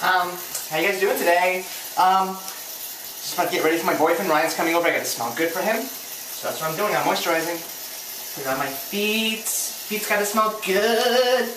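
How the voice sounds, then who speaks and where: Woman vlogger, campy and playful, low voice, echoey room, heard from a distance. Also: a little fast. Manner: campy and playful, swooping up in pitch. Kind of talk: comedic vlog monologue. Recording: echoey room, distant mic, faint hiss.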